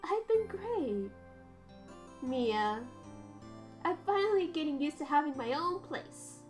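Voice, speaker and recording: Perky, high-voiced teen sister voiced by a woman, unhurried, game music behind. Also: expressive. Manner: perky, teasing. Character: bubbly teenage girl, spirit medium's little sister.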